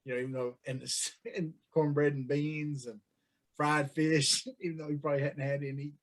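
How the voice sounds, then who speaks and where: A man, co-hosting a podcast in casual chat, chatty and quick to chuckle. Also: a little high, little pitch movement. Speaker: podcast co-host.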